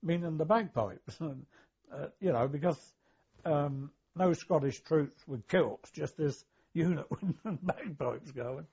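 An older man with a husky, slightly high voice tells his war memories in an oral history interview. He hesitates often, clears his throat and chuckles as he goes. The tape sounds dull and lo-fi. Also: takes it slowly, darkish tone.

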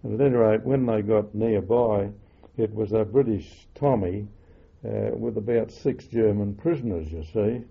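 Older man, low gravelly voice, halting wartime recollection, muffled phone-like audio. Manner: halting, many fillers and self-corrections. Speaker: interviewee. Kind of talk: oral history recollection.

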